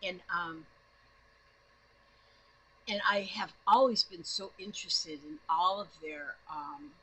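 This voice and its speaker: A woman from northern Minnesota chatting casually to camera from her home, excitable and rambling, often restarting her sentences. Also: fairly low pitch, slow, husky, low-quality recording. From northern Minnesota, USA. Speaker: doll-making vlogger. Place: home in Florida.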